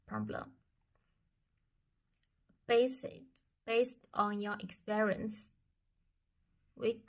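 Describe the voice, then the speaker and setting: A woman student with a Chinese accent answers course review questions aloud, speaking slowly and carefully and often pausing to restart a phrase. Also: mid-range voice, gravelly. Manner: slow and careful, with hesitations and restarts.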